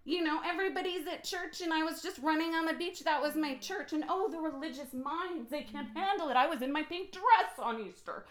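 Woman preacher, higher voice, emphatic and swinging between hushed and fired up, echoey phone recording. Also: brisk, hardly any pauses. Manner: emphatic, swings from quiet to loud and excited. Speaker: podcast host and preacher. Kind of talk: impassioned personal sermon.

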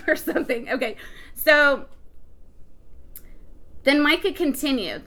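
A woman teaching a Bible passage to a congregation, excitable, often laughing and restarting her sentences. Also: sits high, a little slow, pauses often. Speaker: preacher.

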